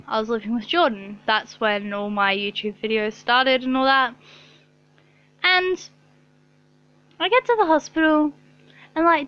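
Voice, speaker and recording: A woman's voice: high voice, clear, resonant tone, dry recording, lo-fi sound. A young woman telling a rambling story to her camera in her bedroom, swearing often and saying "like" a lot. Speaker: vlogger. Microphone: own camera.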